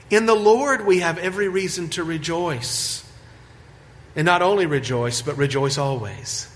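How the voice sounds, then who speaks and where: Male pastor, fairly high voice, slow and deliberate preaching, long church reverb. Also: a bit bright. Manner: measured preaching, stretching key words, rising for emphasis. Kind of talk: sermon. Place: church sanctuary.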